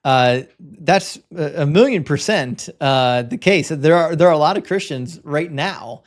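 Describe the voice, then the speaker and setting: A man hosting a live-streamed debate show and reading viewer messages, talking bluntly and lecturing, with quick stammered restarts. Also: fairly high pitch, animated.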